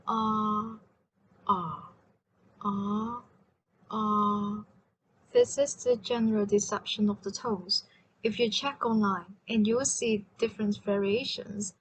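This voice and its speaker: A woman teaching a language lesson, slowly and carefully demonstrating sounds and tones. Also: on the high side, slight background noise, low-quality recording.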